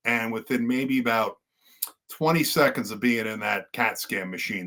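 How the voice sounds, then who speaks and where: A man's voice: mid-range voice, normal speed, fairly bright tone. A man, a podcast guest and wrestler, telling his story in earnest conversational style with many fillers and restarts.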